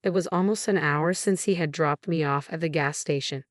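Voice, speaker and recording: A woman narrating a first-person story in an even, measured reading voice. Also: low voice, dry recording, clean studio sound.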